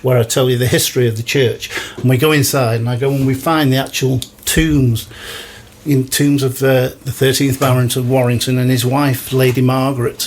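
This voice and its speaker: A man in his sixties from the Greater Manchester area, a guest historian telling long, enthusiastic stories in a casual radio interview. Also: medium pitch. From Greater Manchester, England. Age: 60s. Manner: enthusiastic storyteller, long flowing answers.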